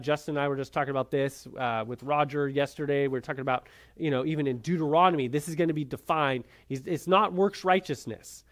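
Man, bible class teacher, fairly high voice, conversational, keeps asking "right?". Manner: conversational, frequent "right?" checks.

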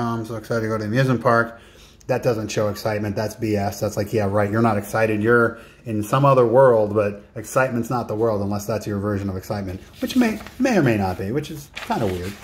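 A man's voice: medium pitch, a little mellow, slight background noise. A man giving a recorded coaching lesson, talking straight to the listener and setting writing tasks. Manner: direct, talks to the listener, gives writing tasks.

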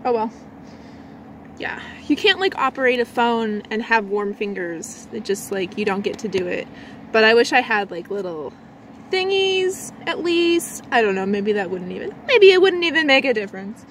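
A woman chatting casually in a vlog, rambling with lots of likes and restarts, swinging between a low lazy voice and a bright high one. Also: big pitch swings, normal speed, slight background noise. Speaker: vlogger.

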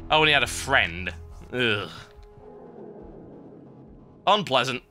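A man's voice: medium pitch, animated, slow pace, bright, forceful tone. A man giving rambling, sarcastic commentary while playing a video game. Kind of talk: let's play commentary. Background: game music.

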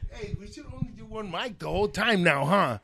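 A podcast guest jumps into the banter with excitable, cursing slang. His voice is high for a man and gravelly underneath. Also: fairly quick. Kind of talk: casual chat.

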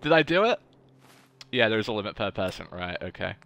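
A man's voice: fairly low pitch, big pitch swings, brisk, creaky, a bit bright, highs cut off. A young man streaming a video game, chatting in a goofy, casual way to his viewers. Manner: chatty, goofy, talks to chat. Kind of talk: casual gaming livestream chat.

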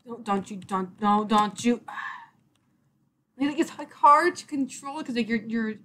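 A woman's voice: fairly high pitch, a little slow, sharp tone. A young woman giving casual gameplay commentary, rambling and exasperated, swearing mildly at the game. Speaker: let's play gamer.

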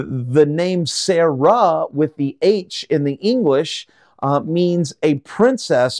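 A man's voice: fairly high pitch, a little mellow, no room sound. Man teaching from the Bible, dry sound. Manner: reads verses slowly and explains them with fillers and restarts.

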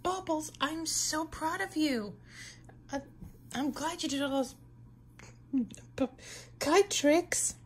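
A woman's voice: high-pitched, slow pace, long pauses, a little hiss or hum. A woman playing a caring, motherly girl superhero who encourages her little sister, in a fan role-play. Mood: gentle, encouraging.

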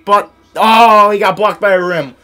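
In unhurried live gameplay commentary, a young gaming YouTuber with a light, high voice talks through his basketball video game. He gets excited and yells when big plays happen, criticizes his teammates, and teases himself over his mistakes.

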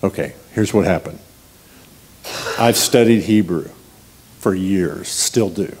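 A man with a somewhat low voice delivers a sermon as a guest preacher. He talks in a relaxed, conversational way, weaving personal stories with humor. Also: slow, husky. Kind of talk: storytelling sermon.

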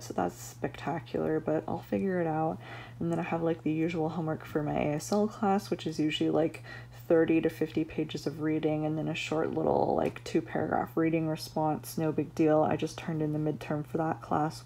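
Her voice is low and mellow, with a little hiss or hum in the recording. She's a young adult American university student vlogging from her home room and a campus lab, chatty and leaning heavily on "like" as filler.

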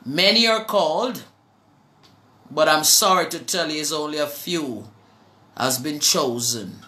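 A woman with a Jamaican accent preaching to a live online audience, slow and fervent, at times breaking into song. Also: low-pitched, bright, forceful tone, roomy sound.

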